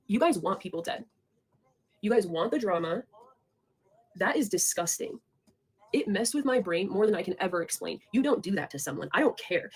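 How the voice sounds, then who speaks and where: Fast-talking husky young woman ranting. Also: medium pitch, darkish tone. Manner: fast, profane, rambling, confrontational. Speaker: online creator talking to viewers. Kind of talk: heated casual rant.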